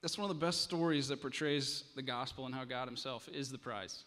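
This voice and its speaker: A pastor in a church, telling a story with drama and then preaching earnestly. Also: male voice, medium pitch, a little fast, sharp tone. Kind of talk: sermon. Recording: long hall reverb.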